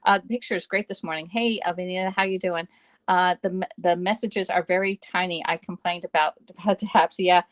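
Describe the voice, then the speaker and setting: A woman, chatting through a live cooking stream in her home kitchen. Her voice sits a little low for a woman. She greets viewers by name and tags her steps with "okay?" and "all right?", all picked up by her phone. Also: steady tone, brisk, dull audio. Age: 50s. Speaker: live-stream host demonstrating recipes. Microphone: phone camera on a stand.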